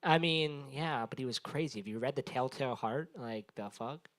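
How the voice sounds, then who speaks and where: Speaking at medium pitch and normal speed with a slightly bright tone, a young man runs an open mic on a small bar stage. His stand-up crowd work is loose and profane, rambling along as he teases the live audience.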